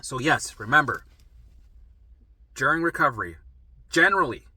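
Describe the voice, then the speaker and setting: A man who coaches recovery, teaching in a casual monologue to camera while drawing. He talks in an animated way, swears freely and acts out little quotes. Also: mid-range voice, normal speed, husky.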